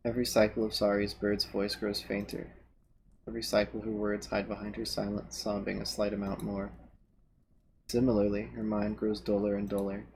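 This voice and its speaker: A man streaming, reading a visual novel's narration aloud in a steady manner. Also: lowish voice, moderate pace, creaky, a little hiss or hum.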